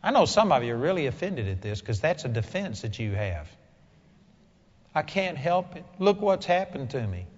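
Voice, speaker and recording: A man with a voice on the high side preaches a sermon, blunt and emphatic, building up to loud exclamations. It was recorded in an echoey hall with a dull sound.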